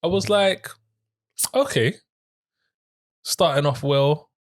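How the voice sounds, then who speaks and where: A young man, co-hosting a film review show, who talks in a rambling, halting way. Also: fairly high pitch. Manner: rambling, halting, full of restarts. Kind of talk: casual chat.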